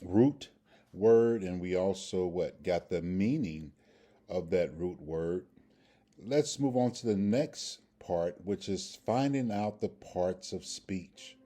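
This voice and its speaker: Slow, low-voiced man teaching grammar. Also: lively intonation, dark tone. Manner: slow, repetitive, checks in with "okay" and "all right". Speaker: Hebrew language teacher. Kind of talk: screen-share grammar lesson.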